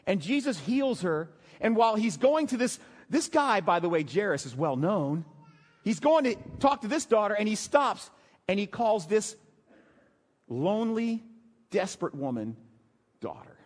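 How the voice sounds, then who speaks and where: A man preaching a sermon, telling a scripture story in an animated way, dropping to hushed emotional tones at key moments. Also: high-pitched, moderate pace. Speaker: pastor. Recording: long hall reverb.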